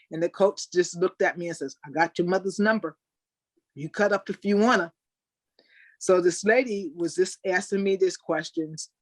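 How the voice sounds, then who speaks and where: An older woman, a Special Olympics athlete, telling animated stories in a webinar interview over a video call. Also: low-pitched, no room sound. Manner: animated storyteller, acts out quoted people. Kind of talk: storytelling in an interview.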